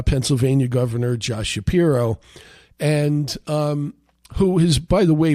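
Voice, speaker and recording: A man's voice: mid-range voice, a little mellow, no room sound. A man hosting a political talk radio show, giving his commentary in a loose, conversational monologue full of "you know" and "uh". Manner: conversational, many fillers and restarts.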